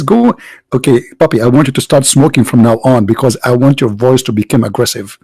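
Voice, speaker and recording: A man's voice: mid-range voice, gravelly, darkish tone, husky, dry recording, low-quality recording. A man hosting a livestream debate, mocking and sarcastic, firing off rhetorical questions in non-native English.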